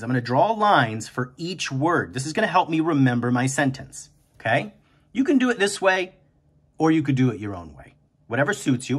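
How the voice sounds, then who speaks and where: A man hosting a kindergarten writing lesson, speaking slowly and encouragingly and stretching words out aloud. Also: mid-range voice, breathy edge. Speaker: teacher and podcast host.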